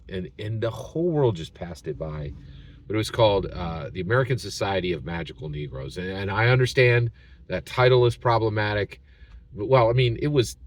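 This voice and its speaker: Animated low-voiced man telling a rant. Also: a little hiss or hum. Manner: animated, tags sentences with "right?". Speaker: channel host. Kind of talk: storytelling rant to camera.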